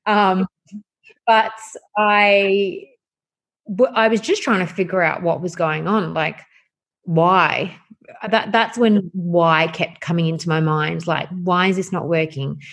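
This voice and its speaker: A woman's voice: on the low side, slow. Woman telling her story animatedly. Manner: animated, acts out quoted dialogue. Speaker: guest sharing her story. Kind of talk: candid personal storytelling.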